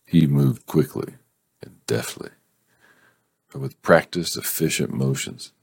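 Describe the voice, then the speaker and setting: A man with a very low, gravelly and husky voice reads a romance novel aloud at an unhurried pace. He breaks off again and again to laugh, swear and riff on the story in a casual way. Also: steady tone, dry recording. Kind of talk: casual read-aloud with commentary.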